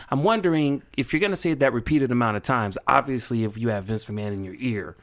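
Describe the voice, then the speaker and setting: A man's voice: mid-range voice, fast talker, hardly any pauses. A man chatting about wrestling on a podcast with plenty of energy. He talks in a loose, casual way and keeps repeating words as he builds up to his point. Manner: excitable, repeats words when starting. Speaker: podcast co-host.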